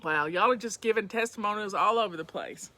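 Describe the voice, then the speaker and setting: A woman's voice: mid-range voice, brisk, sharp tone, no room sound. Folksy Southern woman chatting to viewers. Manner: folksy, chatty, says y'all to her audience. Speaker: livestream host. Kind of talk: casual chat to viewers. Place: at home.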